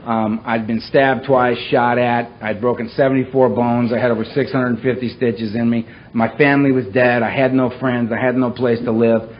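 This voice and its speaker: A middle-aged man speaking at a recovery meeting, telling his own story in a wry, self-mocking way that swings from low and somber to loud and animated. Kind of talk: personal story told to a meeting. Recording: dull lo-fi recording with faint hiss.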